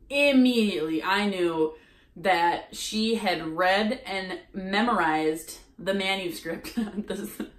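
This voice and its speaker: Woman, casual storytelling vlog, lively voice, acts out quotes, echoey room. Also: medium pitch. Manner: animated, acts out quoted lines. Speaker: sales coach. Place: home office.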